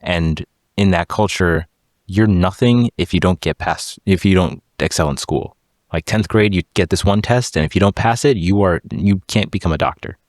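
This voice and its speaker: A young man from India and Sri Lanka hosting a podcast, talking in a halting way and repeating words as he works toward his point. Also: low-pitched, a little mellow, dry recording, studio quality. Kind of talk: casual conversation.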